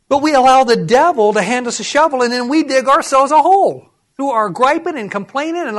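A man preaching a sermon as pastor, animated and acting out voices as he goes. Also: very high voice, normal speed.

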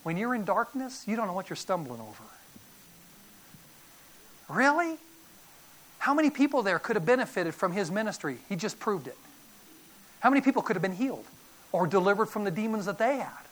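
Animated woman preacher. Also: medium pitch, fast. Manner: animated, dramatic storytelling with voices. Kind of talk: sermon.

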